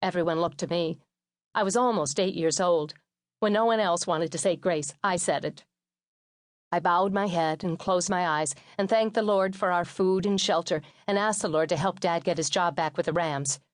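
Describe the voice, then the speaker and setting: A woman reads a memoir audiobook in a steady, measured way, her voice sitting fairly low. The sound is dry and close, as from a studio microphone, with no room around it. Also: no room sound. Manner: steady, measured reading with lightly acted quotes. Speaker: audiobook narrator.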